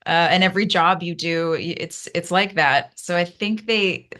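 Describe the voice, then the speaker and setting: Earnest woman guest, lower voice. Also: steady tone, normal speed, pushed and bright. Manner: earnest, restarts and "like" fillers, climbs high when emotional. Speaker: podcast guest. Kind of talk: candid interview storytelling.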